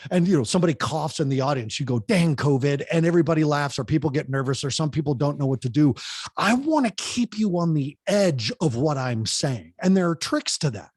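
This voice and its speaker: A man with a slightly high, husky voice talks fast and with energy, coaching on how to hold an audience. The recording is dry and close, with no room sound. He keeps addressing the listener directly as he makes his points. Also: dry recording. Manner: animated, speaks directly to the host by name. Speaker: podcast guest, public speaking coach. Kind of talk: energetic advice on public speaking.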